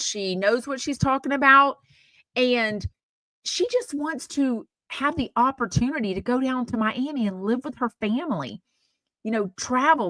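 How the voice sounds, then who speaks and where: Bright-voiced woman gossiping. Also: mid-range voice, dry recording. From Texas. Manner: chatty, rambling, full of fillers and asides. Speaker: podcast host. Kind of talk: casual gossip chat.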